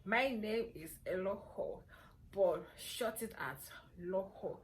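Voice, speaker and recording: A young woman with a Nigerian accent chatting playfully to camera as a vlogger, hoarse from a cold and sore throat. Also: mid-range voice, expressive, slow pace, a little hiss or hum. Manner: chatty, playful and self-assured. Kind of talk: casual chat to camera.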